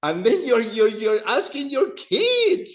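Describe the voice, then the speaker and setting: A man's voice: extremely high pitch, wildly swooping pitch, takes it slowly, muffled recording. A man teaching an adult Spanish class, patiently repeating words for his students to practice.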